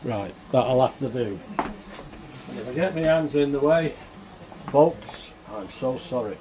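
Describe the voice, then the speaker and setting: A man's voice: medium pitch, lively intonation, unhurried, dark tone. A man cooking at home who chats to his viewers and mutters to himself as he works in his kitchen. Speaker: home cook vlogger. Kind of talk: casual cooking commentary. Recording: noisy background ambience.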